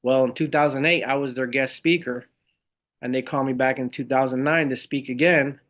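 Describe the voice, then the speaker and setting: A middle-aged man, a Marine veteran and speaker, telling his stories in an animated, conversational way as a podcast guest. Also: mid-range voice, fairly quick. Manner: animated storyteller who acts out the voices of others. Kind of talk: conversational interview storytelling.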